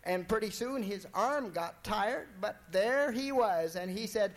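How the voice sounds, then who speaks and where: A man telling a folk tale in a drawling, folksy, relaxed way. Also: high-pitched, unhurried, few pauses. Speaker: storyteller.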